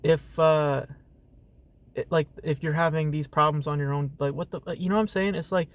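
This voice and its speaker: A man's voice: fairly high pitch, fairly even intonation, moderate pace. A man giving a casual, ranting movie review, profane and exasperated, full of fillers and rhetorical asides. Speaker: film reviewer.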